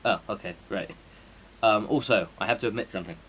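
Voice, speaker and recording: Rambling, sweary man, low voice. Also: fast talker, a bit bright, rough recording. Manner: rambling, sweary, full of fillers. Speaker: game streamer. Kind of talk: casual chat before a stream.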